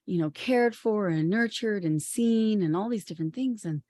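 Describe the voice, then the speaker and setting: A woman podcast co-host retelling a legend in a lively, chatty way. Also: medium pitch, normal speed. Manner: lively, chatty, many "you know"s. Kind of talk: casual storytelling.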